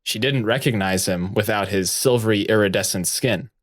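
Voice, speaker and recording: A man's voice: fairly low pitch, normal speed, no room sound, studio quality. A man hosting a podcast, narrating an improvised story in a chatty, giggly way with many fillers.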